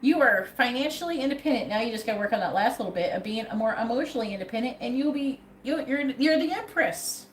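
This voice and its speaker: Racing along with few pauses, a woman does a live tarot reading in a slightly high, lively voice. Her delivery is a blunt, foul-mouthed pep talk, recorded in an echoey space with faint noise behind her.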